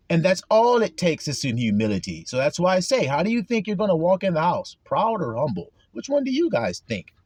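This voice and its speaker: A man preaching an informal sermon with passion, acting out quotes, swearing casually and swinging from loud preaching to low asides. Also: no echo.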